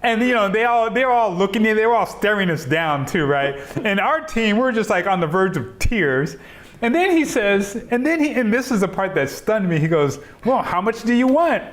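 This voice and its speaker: A middle-aged man recounts a business story in an oral history interview, fairly high-pitched for a man. He acts out each side of the conversation and breaks into laughter along the way. He is recorded over a video call. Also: normal speed. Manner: animated storyteller, acts out quoted dialogue, laughs often. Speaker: interviewee, software entrepreneur.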